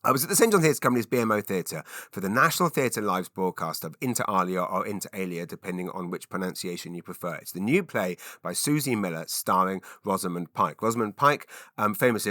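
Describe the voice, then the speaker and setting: Guy rambling on his podcast, low-ish voice, bright edge, lots of ums and restarts. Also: dry recording, studio quality. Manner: enthusiastic, rambling, with frequent fillers and restarts. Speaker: podcast host. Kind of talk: casual solo podcast monologue.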